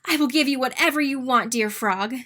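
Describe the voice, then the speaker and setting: A woman's voice: fairly high pitch, sing-song, a little slow, a bit bright. A woman voicing a young, spoiled princess in a read-aloud storybook, eager and breathless. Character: young spoiled princess, tearful then careless.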